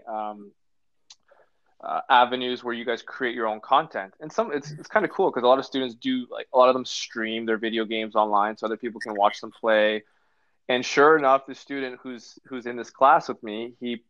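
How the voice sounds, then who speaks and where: A man, a teacher, telling a story in relaxed, amused casual chat. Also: medium pitch, no echo. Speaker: teacher and podcast co-host. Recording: dull lo-fi dry sound.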